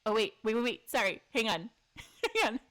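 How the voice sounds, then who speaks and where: A woman's voice: a little high, very animated, moderate pace, a bit bright. A woman streaming from home, reading a story game aloud with chatty, giggly, sarcastic asides. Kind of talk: live game playthrough with commentary. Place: home room.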